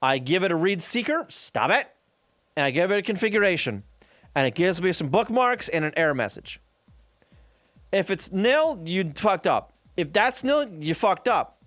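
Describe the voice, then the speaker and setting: A man's voice: high voice, big pitch swings, normal speed, a bit bright, dry recording. A man streaming a casual, exasperated rant about programming. He swears freely and leans on fillers and tag questions.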